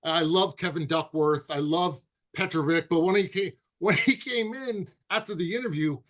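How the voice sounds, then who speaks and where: A man chatting casually on a sports podcast, telling animated stories and dropping into quick impressions. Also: on the high side. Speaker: podcast co-host.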